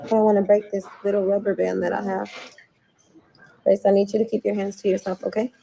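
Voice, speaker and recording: A woman's voice: mid-range voice, flat delivery, a little fast, vocal fry, a crowd in the background, rough recording. A woman chatting casually on a livestream, replying to comments from viewers.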